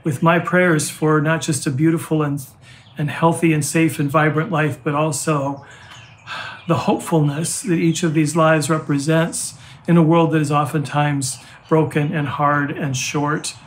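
An older man preaching with earnest warmth, stumbling and restarting as he speaks from the heart. His voice sits somewhat high for a man. Faint birdsong chirps in the background. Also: little pitch movement, a little slow, a little hiss or hum. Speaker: pastor. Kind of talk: sermon.

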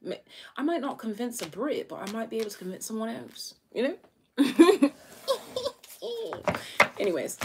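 Low-voiced chatty woman reading tarot. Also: darkish tone, slight background noise. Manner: chatty, swears casually, many fillers. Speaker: tarot reader. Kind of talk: casual live tarot reading.

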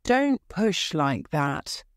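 A woman's voice: low-pitched, big pitch swings, drawn-out words, no echo, studio quality, exaggerated voice. A woman voicing a grumpy, complaining male dormouse in a storybook. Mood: cross. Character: cross sleepy male dormouse.

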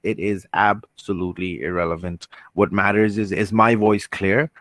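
A man's voice: low-pitched, level tone, normal speed, fairly bright tone, no echo. Guy teaching over a video call, earnest, restarts a lot, dry close sound. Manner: earnest, reassuring, restarts often, reads chat questions aloud. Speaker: online trainer. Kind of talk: online training session. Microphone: computer mic on a video call.

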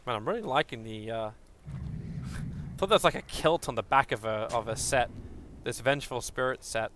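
A man casting a live esports match on a headset, calling the play in an energetic, quick and excitable way. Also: mid-range voice, a little hiss or hum. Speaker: esports caster. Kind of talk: live game commentary.

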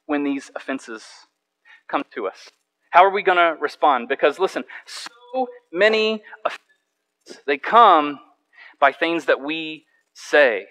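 A man preaching a sermon from a church stage as a pastor, telling a personal story in an animated way and repeating words when he restarts. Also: fairly high pitch, rough recording.

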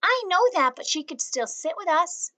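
A woman reading aloud and voicing a teasing young boy who speaks in a drawn-out, mock-proper way. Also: very high-pitched, big pitch swings, pushed and bright, pitched above the performer's own voice, heavily acted.

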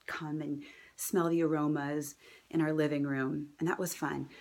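This mother in her thirties gives a heartfelt personal testimonial in a low, darkish voice. Her talk is casual and earnest, full of fillers and restarts, and now and then she lowers it to a whisper.

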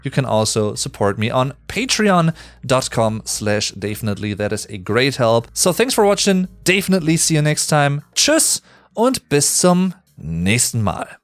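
A German-accented man explains language points with a lively, swooping pitch, slowing down to dwell on key sounds. His voice is close and dry, with faint music underneath. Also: dry recording. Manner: animated, explanatory, slows to stress sounds.

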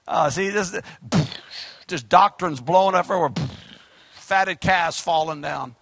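A man preaching a fiery, exhorting sermon as pastor, swinging between shouts and quiet asides. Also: high-pitched, a little slow, gravelly, no echo.

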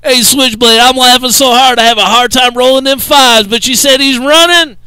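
A man's voice: very high voice, steady tone, normal speed, pushed and bright, clean tone, no room sound, poor audio. Laughing man on CB radio. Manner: drawling Southern trucker talk, laughing, repeating others' words. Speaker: CB radio relay operator. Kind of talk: CB radio banter.

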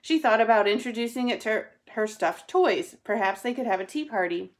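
Brief: a teacher reading a picture book aloud, gentle and steady. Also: female voice, a little high, brisk. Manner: gentle, answers a child's interruptions. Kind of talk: storybook read-aloud.

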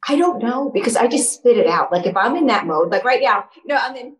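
A woman's voice: mid-range voice, expressive, a little fast, few pauses, roomy sound, low-quality recording. A woman guest chatting on a podcast, a bubbly storyteller who laughs often. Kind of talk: casual podcast chat.

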